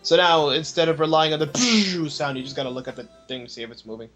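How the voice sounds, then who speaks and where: A man narrating his own gameplay in a casual let's play, chatty and quick to laugh as he explains what he is doing. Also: fairly high pitch, fairly bright tone, faint music behind. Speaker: let's play host playing the game. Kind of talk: casual game commentary.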